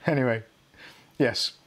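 A middle-aged man hosting a live tech stream, rambling and self-mocking as he goes through his tools. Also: medium pitch. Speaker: tech channel host. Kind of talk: casual live unboxing chat.

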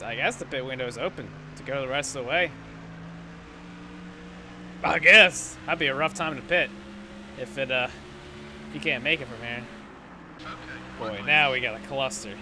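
A young man giving casual, rambling gameplay commentary, sarcastic and quick to swear when frustrated. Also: medium pitch. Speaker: gaming YouTuber. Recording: loud engine noise behind voice. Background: game engine noise.

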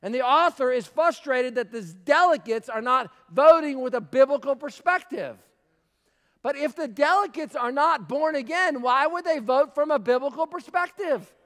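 A male pastor preaching a sermon, emphatic, repeating phrases, moving between shouted lines and quiet asides. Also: very high-pitched. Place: church sanctuary. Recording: long church hall reverb.

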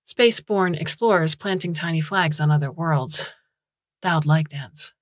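A woman narrating a science fiction short story in a calm, even storytelling manner. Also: low voice, a little slow, dry recording. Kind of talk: scripted audiobook narration.

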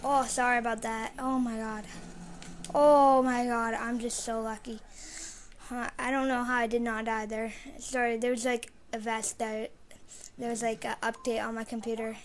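A woman streams herself playing a shooter, talking to her viewers in a fairly high voice that stays on a flat line. She mutters low between plays, then jumps to sudden loud outbursts. A faint hiss sits under her computer mic. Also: normal speed. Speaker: gamer streaming live play. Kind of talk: live gameplay commentary.

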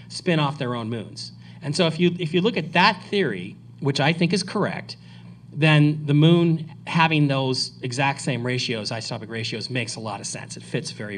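A man speaking at a conference and taking audience questions, rambling and animated, often restarting his sentences. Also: medium pitch, slight background noise. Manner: rambling, animated, self-correcting. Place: lecture hall.

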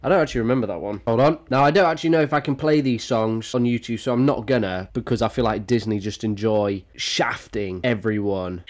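A man in his twenties chatting casually and excitedly as a YouTuber ranking songs, crude and jokey, swearing freely. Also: mid-range voice, a little fast, few pauses. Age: 20s. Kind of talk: casual tier-list commentary.

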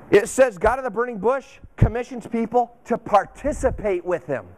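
A man's voice: very high voice, moderate pace, few pauses, darkish tone. A male pastor giving a casual, conversational sermon. He asks and answers his own questions and repeats key phrases for emphasis.

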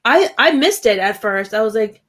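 A woman co-hosting a podcast in casual chat, animated and giggly, with lots of fillers. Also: fairly high pitch, moderate pace. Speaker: podcast co-host.

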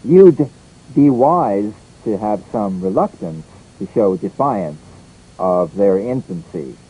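A man's voice: lowish voice, slow pace, husky, low-quality recording. A man leading a scripted English pronunciation drill, saying each word and sentence twice. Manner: lively, repeats each word and line twice.

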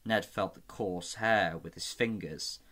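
Lower-voiced man narrating a fantasy book. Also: unhurried, sharp tone. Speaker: amateur audiobook reader. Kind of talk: scripted narration.

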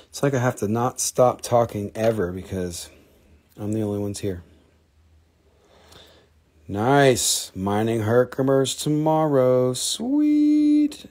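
A man's voice: medium pitch, a little mellow. A man hosting a live rock and mineral sale, rambling and joking, swearing freely as he shows stones. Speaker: host selling rocks on a live show. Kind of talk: casual live sales stream.

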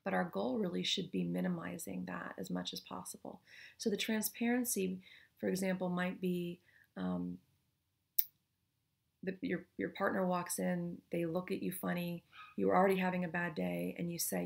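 A woman's voice: on the low side, moderate pace, creaky. A middle-aged woman therapist giving relationship advice in a casual talk, checking in often with "okay?" and now and then acting out what couples say. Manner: acts out quoted couples in passing.

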